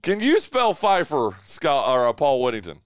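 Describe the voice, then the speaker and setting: A man's voice: fairly high pitch, huge pitch swings, moderate pace, clear, resonant tone, dry recording. A man hosting a casual sports radio show from a studio, chatty and full of fillers, often saying "dude.". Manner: chatty, filler-heavy, says "dude" a lot. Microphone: studio mic.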